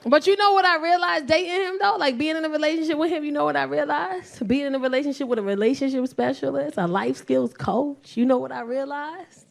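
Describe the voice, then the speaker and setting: A brash woman in her forties with a New York accent works a stand-up set on a comedy club stage. Her voice sits a little high, and she jumps into squeals and shouts as she acts out scenes, speaking into a handheld mic. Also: a little fast, gravelly. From South Bronx, New York.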